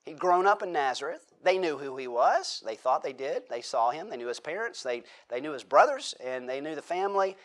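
A man's voice: a little high, expressive, a little fast, hardly any pauses. A middle-aged man preaching a sermon in a conversational way, restarting his sentences and slipping in joking asides. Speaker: pastor.

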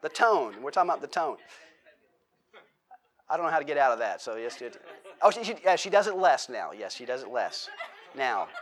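A man's voice: medium pitch, big pitch swings, a little fast, long pauses, a bit bright. A middle-aged man preaching a sermon in a conversational way, restarting his sentences and slipping in joking asides. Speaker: pastor.

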